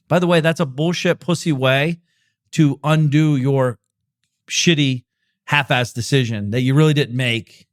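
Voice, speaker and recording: A man's voice: on the high side, steady tone, unhurried. A man hosting a podcast, delivering a blunt, profane motivational monologue with lots of emphasis and repetition. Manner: profane, emphatic, repeats himself. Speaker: podcast host. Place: podcast recording.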